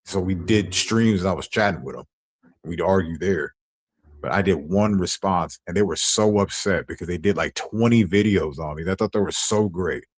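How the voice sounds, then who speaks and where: A man's voice: sits low, moderate pace. A man ranting on his stream, heated and profane as he tells his side of a feud. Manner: angry, profane storytelling.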